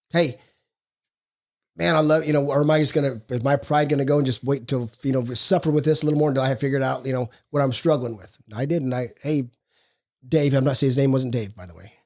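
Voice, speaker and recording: This middle-aged recovery podcast co-host has a mid-range, slightly mellow voice and speaks fairly quickly with fairly even intonation. His stories come out blunt, casual and profane, like talk in a relaxed recovery group.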